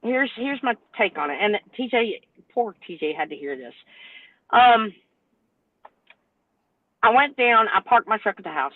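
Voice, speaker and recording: An older woman, in her sixties, rants with animated exasperation as a trucker guest on a panel show. Her voice comes through thin and tinny, like over a phone line, with no room echo. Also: fairly high pitch, measured pace, long pauses. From North Carolina, US. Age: 60s. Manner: animated, exasperated storytelling rant. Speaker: truck driver and owner operator, panel guest. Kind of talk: podcast panel discussion.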